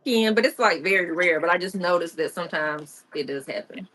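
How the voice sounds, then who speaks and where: A woman's voice: lowish voice, lively intonation, a little fast, a bit bright, slight background noise. A woman hosting a live-stream who asks questions in a chatty, informal way and giggles and teases herself often. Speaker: livestream host. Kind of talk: casual live-stream interview.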